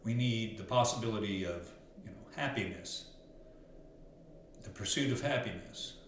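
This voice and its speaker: Male life coach, lowish voice, earnest and rambling, very echoey room with faint hiss. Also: normal speed. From Arkansas. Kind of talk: casual storytelling monologue.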